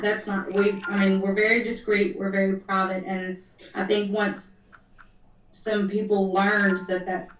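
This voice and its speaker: Woman investigator on a stream, pretty monotone, far from the mic, echoey room. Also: medium pitch, measured pace. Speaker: paranormal investigator guest. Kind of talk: casual chat.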